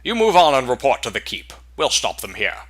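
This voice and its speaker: A man voicing a calm, proud male warrior in a fantasy game, measured and commanding. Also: mid-range voice. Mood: resolute.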